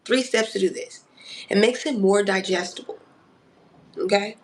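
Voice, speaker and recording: A woman's voice: mid-range voice, steady tone, moderate pace. A woman giving a casual spoken astrology reading who coaches the listener and keeps checking in with "okay?", calling them honey and darling. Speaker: astrology reader.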